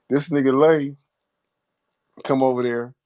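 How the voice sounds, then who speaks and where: A man's voice: mid-range voice, fairly even intonation, slow, darkish tone. A man telling a story in a laid-back, profane way, laughing often as he goes. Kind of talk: casual storytelling.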